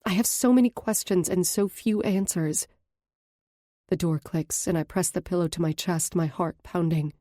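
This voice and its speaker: Low, mellow woman narrating. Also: moderate pace, dry recording, studio quality. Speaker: audiobook narrator. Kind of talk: scripted first-person narration.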